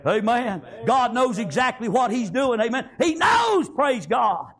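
Raspy and unusually high for a man, this preacher's voice carries a fervent sermon that he peppers with amens. His delivery is expressive, a touch slow, and slightly bright in tone.

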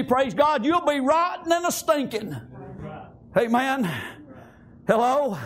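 A male preacher giving a fervent sermon, peppering it with "amen" and "praise God" and rising into shouts. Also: very high-pitched, takes it slowly, long pauses. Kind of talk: fiery sermon.

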